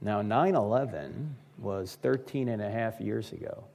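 Speaking a little slowly, a fifties-aged man with a fairly low voice and audible vocal fry entertains a live audience with a comic talk. He turns to the crowd directly and animates his tales by imitating the people he quotes.

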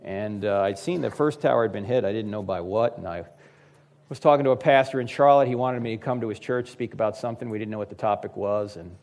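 Fast and lowish-voiced, a public speaker in his fifties gives a comic talk in front of a live audience. Addressing the crowd head-on, he tells his stories with energy and performs each quoted person's voice.

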